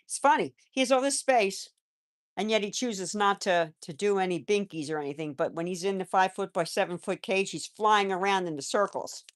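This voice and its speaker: A woman hosting a live stream about her pet rabbits, chatting casually and talking softly to the animals. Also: medium pitch, fairly quick. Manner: chatty, rambling, with restarts; soft baby-talk to pets, often away from the mic. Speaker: pet channel host.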